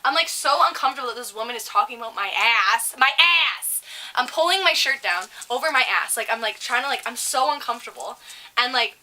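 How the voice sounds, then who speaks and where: A young woman co-hosting a casual chat show, telling a story in an animated, profane, ranting way. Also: fairly high pitch, quick pace. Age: young adult. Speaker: podcast co-host.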